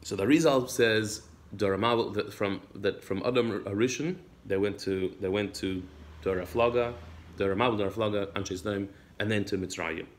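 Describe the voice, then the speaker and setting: A man's voice: on the low side, fairly even intonation, normal speed. A man teaching a religious text class. He reads Hebrew passages aloud, explains them in English, and often repeats his words as he goes. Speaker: Torah teacher.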